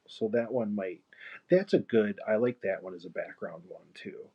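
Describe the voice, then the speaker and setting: A man's voice: mid-range voice, moderate pace, breathy edge. A man chatting casually and rambling while he paints on a live stream, laughing now and then. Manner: rambling, easygoing, laughs often. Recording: muffled lo-fi stream mic.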